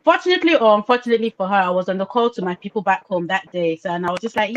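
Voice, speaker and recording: A woman's voice: a little high, quick pace, hardly any pauses, muffled recording. A woman from Nigeria, talking animatedly in a casual group discussion and repeating her points for emphasis. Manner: animated storyteller, emphatic and repetitive.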